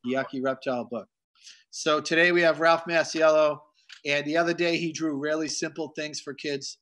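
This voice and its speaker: A man's voice: fairly high pitch, fairly even intonation, moderate pace, fairly bright tone. A man hosting a video call, joking around and reading out greetings from viewers. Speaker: host. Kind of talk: casual chat on a video call.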